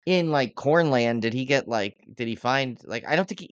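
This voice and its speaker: A man co-hosting a podcast, talking casually and with animation. He slips into sudden high-pitched voices when he acts out quotes. The sound is dry and close. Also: animated, moderate pace, no room sound, lo-fi sound. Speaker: podcast co-host. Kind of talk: casual chat.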